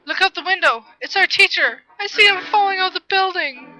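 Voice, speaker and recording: A woman's voice: sits high, normal speed, bright, forceful tone, pitched above the performer's own voice. A woman voicing an anxious, easily hurt teenage boy. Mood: alarmed. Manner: anxious, plaintive. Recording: muffled lo-fi with music behind.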